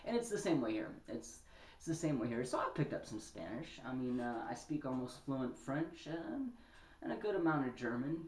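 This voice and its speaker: A man's voice: mid-range voice, moderate pace, recorded from a distance. A man telling a personal story in a casual, rambling monologue, getting worked up as he goes. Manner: rambling, animated when upset, many restarts. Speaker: podcast host. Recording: echoey room, voice off-mic.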